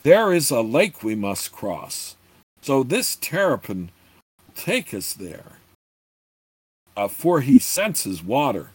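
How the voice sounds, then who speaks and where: A man reading aloud and voicing an irritable, haughty old male wizard who scolds curtly, with a husky voice, slow and dry. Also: medium pitch, very animated, no echo, full character voice. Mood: irritated. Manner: curt and scolding.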